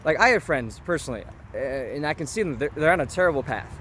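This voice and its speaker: A young man in his twenties, a vlogger, talks quickly in an animated, somewhat high and slightly bright voice over street traffic noise. He discusses scripture in a chatty, informal way, checking in with the listener often.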